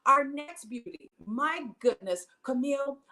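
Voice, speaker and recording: A woman's voice: high-pitched, animated, unhurried, pushed and bright. A woman hosting an online show, introducing guests with enthusiasm and cheers. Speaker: host.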